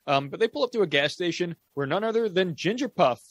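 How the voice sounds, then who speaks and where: A man co-hosting a podcast, recapping a horror movie plot in a relaxed, profane storytelling way. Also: sits high, fast. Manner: relaxed storytelling, swears casually. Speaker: podcast co-host. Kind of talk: casual movie recap chat.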